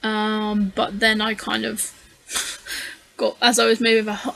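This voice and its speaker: A woman's voice: mid-range voice, level tone, a little slow, gravelly, pushed and bright, low-quality recording. A tired woman casually narrating her scrapbooking process in a voice-over, rambling and hesitant with frequent fillers. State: tired, yawning. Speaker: scrapbooking channel host.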